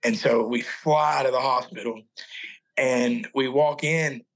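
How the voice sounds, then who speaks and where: A man in his forties tells his personal faith testimony as a podcast guest. His voice sits at an ordinary middle pitch. He speaks earnestly and haltingly, breaking off and restarting his sentences. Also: steady tone, rough recording.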